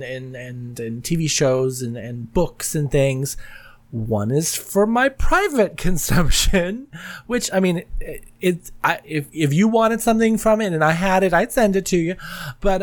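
A woman's voice: sits low, lively intonation, a little slow. A woman hosting her own podcast in casual solo chat, rambling candidly and often laughing mid-sentence. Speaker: podcast host.

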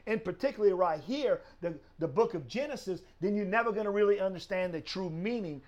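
High-voiced man teaching a Bible lesson. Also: expressive, a little fast, darkish tone, muffled recording. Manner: explains with rhetorical questions and frequent tag "right?".

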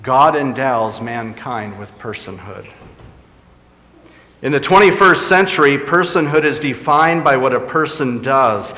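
A man's voice: mid-range voice, animated, measured pace, sharp tone. Preaching man in an echoey hall. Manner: preaching, rising and dropping for emphasis. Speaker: pastor. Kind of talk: sermon.

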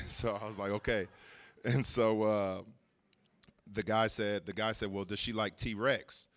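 Man preaching, lower voice, smooth and clear tone, relaxed storytelling. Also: measured pace. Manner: casual storytelling, laughs often, repeats words. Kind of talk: sermon with personal story. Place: church service.

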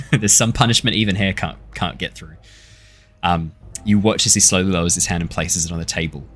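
A man running a tabletop game as dungeon master, with measured narration and playful asides. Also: low-pitched, a bit bright, soft background music.

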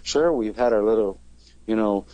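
A man's voice: lowish voice, moderate pace, warm tone, no echo, muffled recording. A man, a touring band's singer, chatting casually in an interview and rambling with many fillers and restarts. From Canada.

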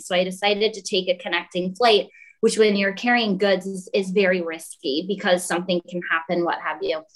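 Woman telling a lively story. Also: mid-range voice, rough recording. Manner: animated, acts out quoted voices. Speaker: guest. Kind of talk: casual storytelling.

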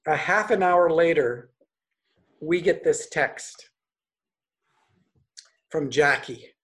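A man preaching a sermon, telling a story in an earnest, conversational way with halting restarts. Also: fairly high pitch, fairly bright tone. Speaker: pastor.

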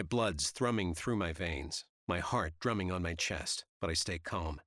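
A man's voice: deep voice, a little slow, few pauses, a bit bright, no room sound, studio quality. A man giving tense, vivid first-person audiobook narration.

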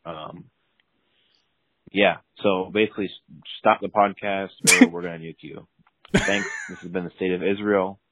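A man plays a whole country calling in as one casual guy, making threats in a halting, offhand way. The voice sits very low and dry, with no room sound around it. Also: steady tone, a bit bright, dry recording, poor audio. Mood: mock-menacing.

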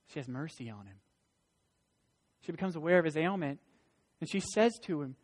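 A man preaching in a fairly high voice, emphatic, with folksy asides between his points. His words ring with long reverb in a large church sanctuary. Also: expressive, normal speed, long pauses. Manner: emphatic, rising to loud stresses. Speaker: pastor. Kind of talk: sermon.

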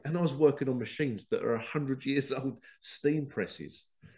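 A man's voice: medium pitch, moderate pace, darkish tone. Emphatic man in spiritual talk. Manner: emphatic, breaks into acted voices of others. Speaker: podcast host. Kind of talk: spiritual self-help monologue.

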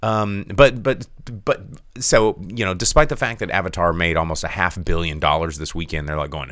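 A man co-hosting a casual live-streamed show, reading viewer chat and breaking into silly high cartoon voices. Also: normal speed, a bit bright, dry recording, clean studio sound. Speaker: podcast co-host reading Twitch chat.

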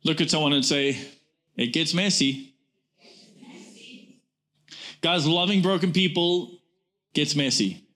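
A man's voice: a little high, slow, long pauses, fairly bright tone. A pastor in his forties preaching a sermon to his congregation, emphatic and repetitive, often calling them "guys". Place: church before a congregation.

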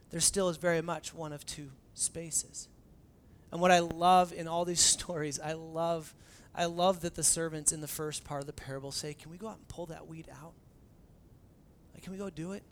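A young adult man preaching a sermon as pastor in a conversational, animated way, acting out the dialogue he quotes. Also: high-pitched.

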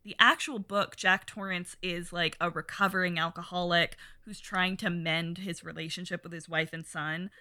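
Bright-voiced woman in casual movie chat. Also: on the low side, normal speed, hardly any pauses, no room sound. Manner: animated, swears, acts out film lines. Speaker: podcast co-host.

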